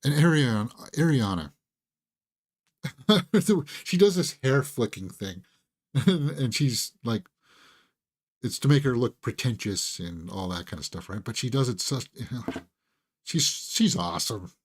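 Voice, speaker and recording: Hosting a relaxed movie talk live stream, a man who's losing his voice rambles along with plenty of fillers and chuckles. His voice is mid-range with big pitch swings, and he speaks slowly, pausing often.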